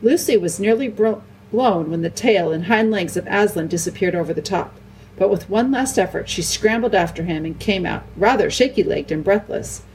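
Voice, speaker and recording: Woman calmly narrating a storybook. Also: on the low side, far from the mic, a little hiss or hum, low-quality recording. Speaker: audiobook reader.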